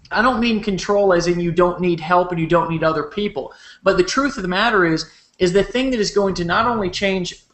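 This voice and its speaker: Fiery high-voiced man ranting a pitch. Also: fairly bright tone, roomy sound. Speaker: host of a late-night marketing webcast. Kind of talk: impassioned sales pitch. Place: at home.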